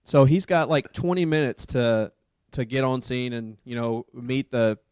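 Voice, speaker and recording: Animated man telling a work story. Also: mid-range voice, measured pace, clear, resonant tone, dry recording, studio quality. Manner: animated, lots of fillers like dude and man. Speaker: paramedic and podcast host. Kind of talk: casual storytelling chat.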